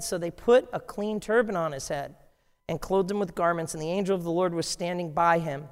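A man preaching a sermon, animated and jokey, acting out voices from scripture. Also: high-pitched, a little fast, clear, resonant tone. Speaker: pastor. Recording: long hall reverb.

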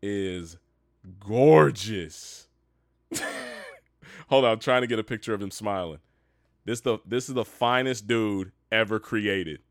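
A young man co-hosting a casual podcast, animated and laughing, often stopping to say "hold on". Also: fairly low pitch, takes it slowly, pauses often, no echo, clean studio sound. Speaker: podcast co-host. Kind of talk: casual chat.

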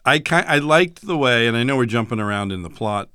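A man's voice: mid-range voice, expressive, a little fast, pushed and bright, clean tone, no room sound. Easygoing man in dry casual chat. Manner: easygoing, chuckles between remarks. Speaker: podcast co-host.

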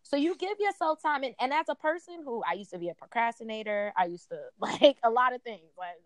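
Lively high-voiced woman telling a story. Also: a little fast, few pauses, no room sound. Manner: animated storyteller, acts out her own past thoughts. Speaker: guest. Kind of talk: casual chat.

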